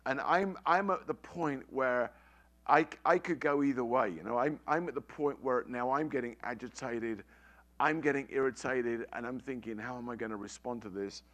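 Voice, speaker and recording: A man's voice: medium pitch, normal speed, a bit bright. A middle-aged man preaching a sermon, telling a family story with emphatic, repeated phrases.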